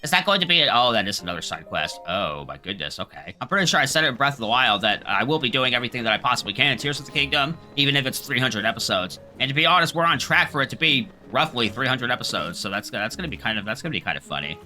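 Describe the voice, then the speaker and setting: A man rambles and jokes through casual gameplay commentary, his bright voice leaping around in pitch, with the odd curse thrown in. Faint game music hums underneath. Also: fast, hardly any pauses. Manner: rambling, joking, swearing, animated. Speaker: gaming video host.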